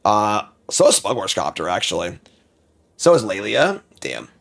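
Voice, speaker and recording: A man with a gravelly edge to his voice talks through a card game draft from a home streaming setup. His pitch swings widely, from low muttering up to sharp exclaimed bursts. The talk is casual and unscripted, full of thinking aloud. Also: wildly swooping pitch. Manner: muttering, thinking aloud, quick outbursts of frustration.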